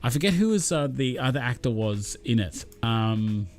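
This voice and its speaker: A man's voice: medium pitch, animated, normal speed, a little mellow, faint music behind. A man chatting casually with viewers on a live stream, rambling in an easygoing way with lots of ums and thoughts that trail off.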